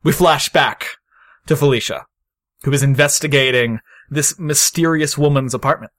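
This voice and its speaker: A man's voice: a little high, normal speed, fairly bright tone, no echo, studio quality. A man running a tabletop role-playing game, narrating scenes with dramatic pacing. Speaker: game master.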